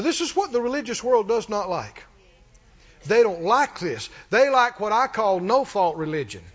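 A man's voice: very high-pitched, highs cut off. A man preaching a sermon with rising fervor, asking the congregation questions and calling for responses.

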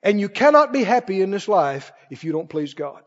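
A man preaching a sermon to a congregation, animated, laughing often and asking them questions. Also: high voice, fairly quick, highs cut off.

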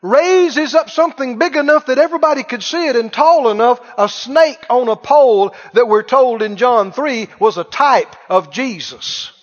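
High-voiced male preacher in echoing hall. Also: expressive. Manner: dramatic, stretches key words slowly, quizzes the congregation. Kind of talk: sermon. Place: auditorium with a live congregation. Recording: dull lo-fi sound with long hall reverb.

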